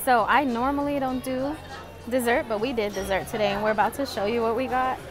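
A mother who vlogs chats casually with her daughter, giggling often, first at a restaurant and then in a mall coffee shop. Her voice sits on the high side with a steady tone and a brisk pace, captured in a rough recording with music playing behind.

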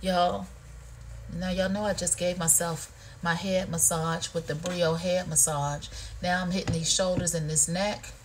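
A woman's voice: fairly low pitch, flat delivery, a little slow, a little hiss or hum. A woman hosting a live shopping show, chatting casually with viewers while demoing a product, playful and full of "y'all" and "honey". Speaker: livestream shopping host. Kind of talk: casual product demo chat.

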